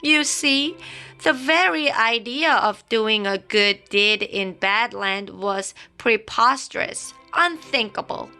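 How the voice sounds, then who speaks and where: A woman's voice: on the high side, slow pace, bright, forceful tone, smooth. A woman reading a children's picture book aloud, dramatic and playful, with sound effects. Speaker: storybook reader. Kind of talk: expressive children's story read-aloud. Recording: faint background music.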